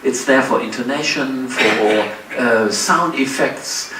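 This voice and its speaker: A man's voice: medium pitch, takes it slowly, over music. A man with a German accent, a native German speaker, giving a keynote speech in English. He tells his story with self-deprecating humor and acts out the dialogue he quotes. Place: large conference hall. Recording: echoey hall, distant mic.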